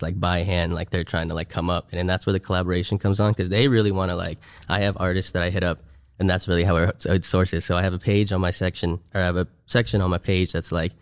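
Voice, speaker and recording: A man's voice: sits low, clean tone, no echo. A young man chatting casually as a podcast guest, in a laid-back, slang-heavy way full of "like". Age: young adult. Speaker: guest, content creator with a glass brand.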